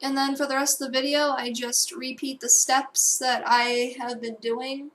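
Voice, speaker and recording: A young woman with a high-pitched, slightly bright voice narrates a digital painting tutorial at home at normal speed, keeping her pitch mostly level. Her casual delivery rambles and self-corrects, peppered with fillers and asides, and a little hiss or hum can be heard.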